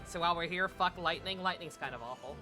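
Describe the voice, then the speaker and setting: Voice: medium pitch, fast. A streamer giving casual, irreverent commentary over a game, joking and laughing often. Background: game audio and music.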